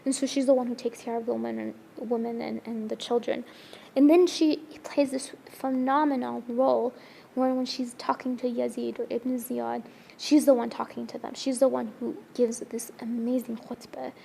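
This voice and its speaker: A woman's voice: fairly high pitch, little pitch movement, moderate pace, vocal fry, mellow, slight background noise. A woman telling a religious story in an earnest, emotional way during a discussion, often restarting her sentences.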